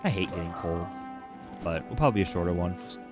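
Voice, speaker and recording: A man's voice: sits low, animated, quick pace, music in the background. A man streaming a video game, chatting casually in an irreverent, profane, rambling way while coming down with a cold. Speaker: gaming livestreamer. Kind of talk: casual chat while playing.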